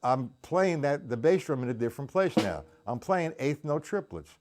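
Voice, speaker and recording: A man's voice: mid-range voice, animated, moderate pace, music in the background. A man giving a live-streamed drum lesson, counting beats aloud and greeting his viewers between examples. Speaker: drum teacher. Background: drums played while talking.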